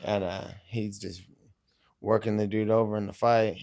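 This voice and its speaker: A man's voice: fairly low pitch, little pitch movement, moderate pace, darkish tone. A man telling stories as a podcast guest, laid-back and full of swearing. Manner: profane, laid-back, rambling. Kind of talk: casual storytelling.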